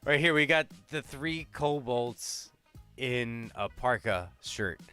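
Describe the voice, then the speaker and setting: Stream host, male, smooth clear voice, upbeat and rambling, faint music behind. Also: mid-range voice, animated, slow pace, sharp tone. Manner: upbeat, laughs often, rambling. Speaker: livestream host. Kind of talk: casual chat on a livestream.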